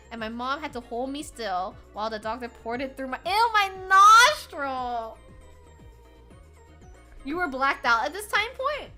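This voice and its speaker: A young woman streaming from home, chatting casually with her viewers, bubbly and swinging between soft murmurs and loud excited bursts. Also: fairly high pitch.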